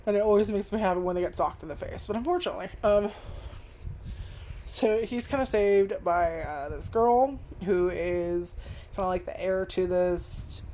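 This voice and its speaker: A woman's voice: medium pitch, normal speed, mellow, a little hiss or hum. Rambling, foul-mouthed woman reviewing anime. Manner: rambling, profane, lots of fillers. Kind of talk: casual video review. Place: at home in front of a webcam. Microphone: webcam zoomed in on face.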